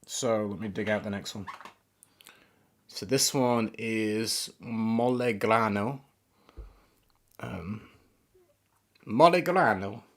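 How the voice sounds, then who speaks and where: A man's voice: lowish voice, fairly even intonation, slow pace. A man giving casual, rambling first impressions of fragrances on a live stream, often searching for words. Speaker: fragrance reviewer.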